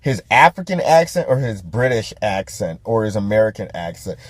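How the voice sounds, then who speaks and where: A man's voice: lowish voice, big pitch swings, normal speed, breathy edge, no room sound. A man hosting a podcast, ranting about a movie in profane, casual commentary, laughing often and restarting his sentences. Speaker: podcast host.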